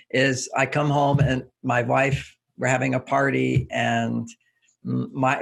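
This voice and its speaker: An older man, a relationship author, explaining ideas in an interview with relaxed anecdotes and repeated key phrases. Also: medium pitch, creaky, breathy edge.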